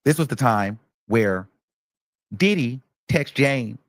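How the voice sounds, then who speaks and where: A man's voice: medium pitch, expressive, takes it slowly, no echo. A man hosting reaction commentary, emphatic and repeating his points for stress. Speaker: commentary host.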